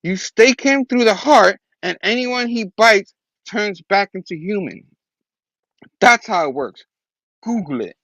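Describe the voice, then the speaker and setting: A man's voice: high voice, animated, measured pace, fairly bright tone, dry recording, voice pushed up, heavily acted. A man voicing an urgent, bossy young man in a casual comic book retelling, pushy and insistent.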